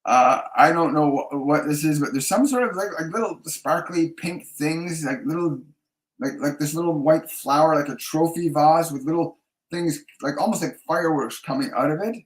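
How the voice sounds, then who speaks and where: A man's voice: a little high, moderate pace, rough recording. A man working as a spiritual medium, answering viewer questions in a live Q&A. He searches for his words, with many restarts and fillers. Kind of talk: live Q&A readings.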